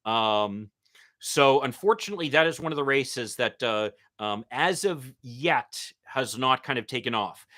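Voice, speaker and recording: A man hosting a live-stream Q&A as a political commentator, answering viewer comments in a halting way with many ums and uhs. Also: medium pitch, lively intonation, pushed and bright. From Michigan. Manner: halting, with frequent um and uh fillers.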